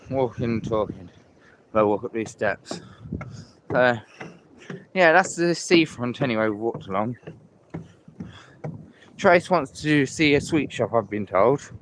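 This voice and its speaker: A man's voice: medium pitch, expressive, a little slow, long pauses, a little hiss or hum. A man on a live walking vlog, chatty and enthusiastic, out of breath as he climbs a hill path outdoors, filmed on a handheld phone. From England. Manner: chatty, repeats himself, enthusiastic about scenery. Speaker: vlogger.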